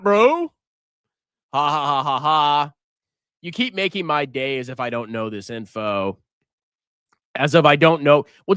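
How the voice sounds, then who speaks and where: Guy teasing his chat live, bright voice, swings up and down a lot. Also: mid-range voice, clear, resonant tone, dry recording, studio quality. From United States. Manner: teasing, mocking, laughs often. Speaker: livestream finance host. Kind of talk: live stream chat reading superchats.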